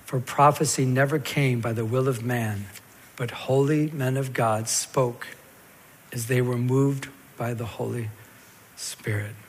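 A man preaching a sermon as a pastor, telling the scripture story in a lively way and acting out the stammering parts. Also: mid-range voice, measured pace, slightly rough. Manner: animated storytelling, acts out Peter's stammer. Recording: long hall reverb.

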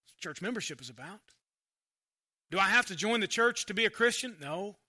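Male pastor, sermon, chatty preaching style, loud then hushed, high voice, very sharp bright tone. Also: lively intonation, a little fast. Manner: conversational preaching, swinging between loud emphasis and quiet asides.

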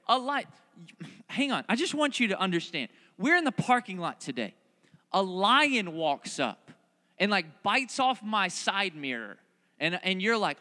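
A man preaching a sermon, reading scripture and then retelling it in animated, playful asides where he voices the characters. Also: high voice, normal speed, in a large hall. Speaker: pastor. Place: large hall, recorded outdoors in a parking lot.

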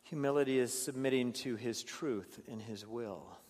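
A man preaching a sermon as a pastor, in an earnest way, often stumbling over repeated words and moving between hushed passages and raised ones. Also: mid-range voice, moderate pace, big-room sound. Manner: earnest, stammering restarts, swings between hushed and raised delivery.

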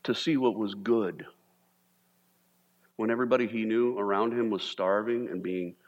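A man preaching a sermon as pastor, animated, sometimes mimicking panicked voices for humor. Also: fairly low pitch, moderate pace, phone-quality sound. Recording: long reverb of a large hall.

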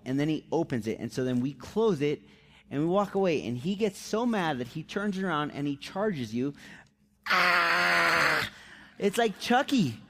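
A man delivers a sermon in a fairly high voice. He talks conversationally to his listeners and keeps it animated with rhetorical questions. He leans hard on emphasis when he tells a story. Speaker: pastor.

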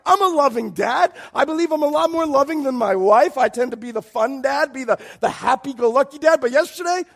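A man preaching a sermon as pastor, swinging from hushed pleading to loud shouted emphasis. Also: very high voice, creaky.

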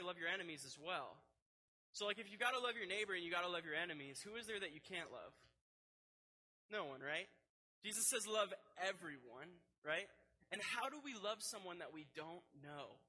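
A young man preaching a sermon, telling a personal story in a lively, animated way and often turning to ask the listeners directly. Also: high voice, normal speed, low-quality recording.

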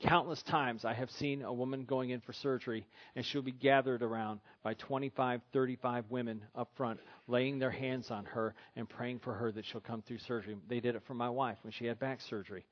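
A man's voice: medium pitch, steady tone, fairly quick, hardly any pauses. Middle-aged guy preaching to his church, jokey then earnest, kinda dull lo-fi recording. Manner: preaching with humor, putting on silly voices for a husband. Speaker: pastor. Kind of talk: sermon.

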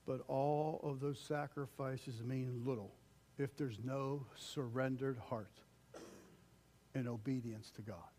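An older male pastor delivers a conversational sermon at a medium pitch. He acts out quoted voices and swings between loud calls and hushed lines.

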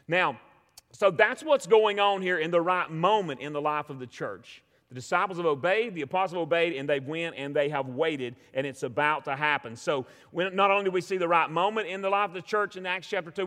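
A man's voice: a little high, a bit bright, long reverb tail. A middle-aged man with a Southern US accent, preaching a sermon with emphatic repetition and call-and-response asides from a church stage. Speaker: pastor.

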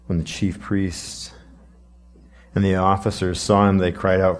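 A man preaching a sermon, slow and reflective, asking the listeners questions. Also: sits low, level tone.

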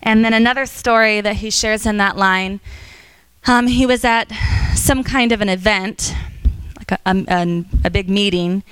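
A woman giving an informal church teaching to a class, telling stories with lively quoted voices and frequent fillers. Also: medium pitch, normal speed, smooth, dry recording.

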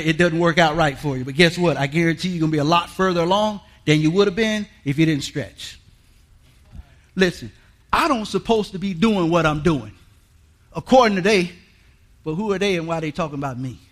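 A man preaching a sermon in a folksy, emphatic way, repeating lines and rising to shouts. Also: high-pitched, a little fast. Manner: folksy, colloquial. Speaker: guest preacher.

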